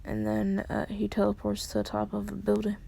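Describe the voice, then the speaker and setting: A woman's voice: medium pitch, big pitch swings, a little fast, creaky, warm tone, slight background noise. A woman casually improvising a fan story, rambling with many fillers and restarts.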